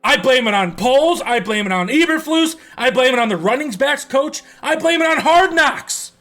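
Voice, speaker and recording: High-voiced man ranting about football. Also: expressive, normal speed, bright, forceful tone, faint music behind. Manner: profane, exasperated ranting. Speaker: football fan vlogger. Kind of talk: sports reaction rant.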